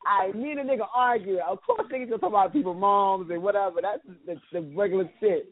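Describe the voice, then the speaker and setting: A man co-hosting a casual chat who talks in an animated way, laughs often and acts out quotes. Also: high-pitched, quick pace, dry recording. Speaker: podcast co-host. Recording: tinny phone-like audio.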